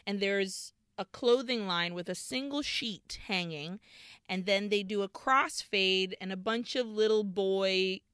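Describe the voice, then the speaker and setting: A woman's voice: mid-range voice, a little slow, fairly bright tone, clean tone, no room sound, clean studio sound. A woman co-hosting a podcast, retelling a film's scenes in detail in casual chat. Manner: retells scenes in detail, laughs when emotional. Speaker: podcast co-host. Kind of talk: casual film recap chat.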